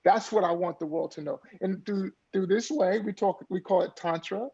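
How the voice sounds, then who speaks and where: A man with a high, gravelly voice talks earnestly as a guest, coaching listeners with motivational warmth of conviction. His tone is husky, and he often repeats a word while he finds his point. The audio is dull and lo-fi. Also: moderate pace. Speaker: podcast guest, mindfulness coach. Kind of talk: conversational interview.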